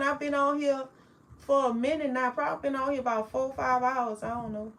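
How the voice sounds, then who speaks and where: A woman, chatting casually with viewers on a livestream, affectionate and quick to laugh. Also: fairly high pitch, fairly bright tone, poor audio. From New Orleans, Louisiana. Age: 40s. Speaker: livestream host.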